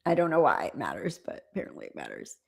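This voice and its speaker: A woman's voice: low-pitched, wildly swooping pitch, quick pace, gravelly. A woman hosting a live stream, reacting to viral clips in casual, incredulous commentary with frequent laughs.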